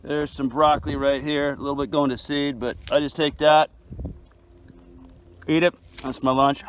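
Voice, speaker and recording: A man's voice: fairly high pitch, level tone, normal speed, a little hiss or hum, rough recording. Laid-back man touring his garden outdoors. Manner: laid-back and chatty, calls viewers man and dude. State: chewing food at times. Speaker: hobby farmer giving a garden tour. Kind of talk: casual walking video tour.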